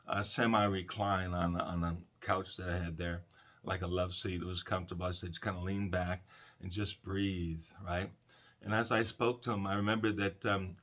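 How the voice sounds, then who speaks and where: A middle-aged man, a counselor, giving a calm, conversational self-help talk about breathing. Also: sits low.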